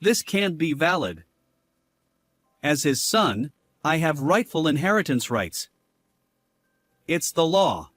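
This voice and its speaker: A man's voice: a little high, sing-song, slow pace, pauses often, a bit bright, dry recording, exaggerated voice. A man voicing a selfish, unfaithful husband who swings between anger and begging in a dramatized story. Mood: angry. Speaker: husband character.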